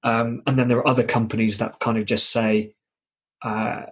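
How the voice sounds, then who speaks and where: A man's voice: medium pitch, level tone, normal speed, fairly bright tone, slightly rough. A man hosting a podcast interview, chatting casually and hedging with many fillers. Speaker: podcast host.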